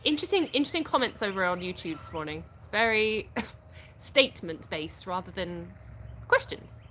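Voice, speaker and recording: A woman's voice: mid-range voice, animated, moderate pace, sharp tone, slight background noise. A British woman from the UK hosting a casual live stream at home, reading viewer comments aloud and answering them frankly, often laughing. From United Kingdom.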